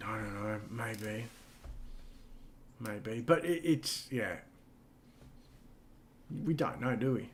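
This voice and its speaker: A man's voice: fairly low pitch, lively intonation, slow, long pauses, a little hiss or hum. Rambling, swearing man in casual chat. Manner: rambling, swears freely, many fillers. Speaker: podcast co-host.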